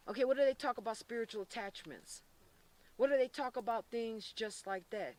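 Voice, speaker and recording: A man from Florida working as a psychic medium on an outdoor paranormal investigation, talking intensely and haltingly with many restarts. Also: extremely high pitch, far from the mic. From Florida, USA. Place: outdoors by a reservoir.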